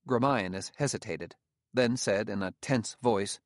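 A man's voice: on the low side, unhurried, dry recording. Man narrating a novel, dry close voice. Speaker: audiobook narrator. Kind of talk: scripted narration.

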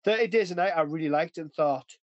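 A man's voice: a little high, fairly quick, no echo, lo-fi sound. A man hosting a podcast in casual chat, rambling, often losing his train of thought and laughing. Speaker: podcast host.

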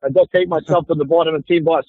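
A man's voice: on the high side, fairly even intonation, rapid-fire, no echo. A man putting on the voice of a brash Boston tough guy, with exaggerated regional swagger, over a thin phone-like line. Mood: boastful.

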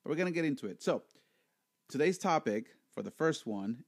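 A man hosts a loose, jokey podcast chat, and his pitch swings widely from one moment to the next. He often repeats himself as he talks. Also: fairly quick. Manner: animated, repeats words, jokey. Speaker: podcast host.

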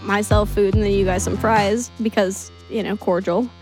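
A woman's voice: mid-range voice, fairly even intonation, normal speed, music in the background. A young woman co-hosting a casual chat, rambling and self-deprecating with frequent laughs.

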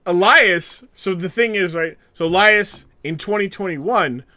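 A man co-hosting a casual podcast tells stories with lots of energy, acting out the people he quotes. His voice is high-pitched and unhurried.

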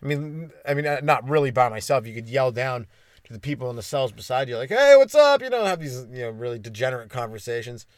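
A man's voice: medium pitch, steady tone, fast talker, no room sound. Rambling self-mocking comedian man, dry sound. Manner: self-deprecating, stumbling and restarting, dark jokes. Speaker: stand-up comedian hosting a podcast.

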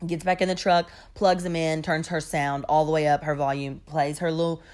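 A young woman telling a story in a casual, gossipy way and reacting with expressive disbelief. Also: low voice, normal speed.

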